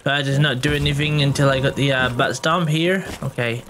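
Over loud game music, a man streams a video game with joking, exclamatory let's-play commentary. His mid-range voice is fairly even and a little fast, and there's slight hiss or hum.

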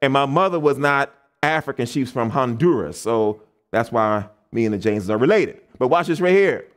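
A man's voice: mid-range voice, normal speed. A man from the United States preaching a camp meeting sermon, asking the congregation questions and acting out the people he quotes. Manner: animated, call-and-response questions to the congregation; acts out quoted people in changed voices.

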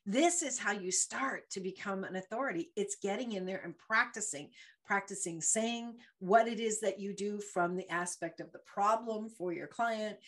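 Lively woman hosting a motivational show. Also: mid-range voice. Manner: animated, laughing storyteller. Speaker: host. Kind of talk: motivational talk show monologue.

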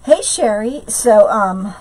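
A woman's voice: medium pitch, lively intonation, a little mellow, breathy edge, rough recording. A woman hosting a live craft tutorial from home, chatting with viewers and greeting them by name between steps, with lots of fillers. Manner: many fillers, slow drawn-out greetings. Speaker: craft live-stream host.

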